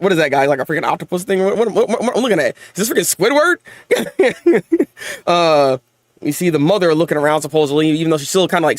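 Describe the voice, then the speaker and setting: A young man hosting a live manga reaction and review, excitable, often stammering through repeated words and laughing. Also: high-pitched, dry recording, studio quality.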